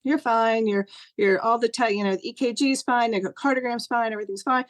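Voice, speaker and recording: A woman's voice: a little high, fairly even intonation, fast, no echo. A middle-aged woman telling a personal story over a video call, earnest and rambling with lots of fillers. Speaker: guest sharing a personal story.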